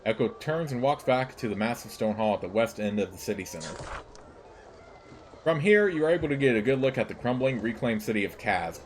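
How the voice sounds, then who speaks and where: A man narrating a let's play, reading the game's text aloud at a steady, measured pace. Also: medium pitch, slight background noise.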